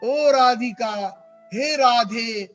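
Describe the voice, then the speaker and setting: A man's voice: very high-pitched, slow. A man voicing a weeping divine king who cries out for his lost mother, friends and cows, sobbing and pleading. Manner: sobbing, crying out names, pleading. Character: weeping god-king calling for lost loved ones. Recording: dull lo-fi with faint music.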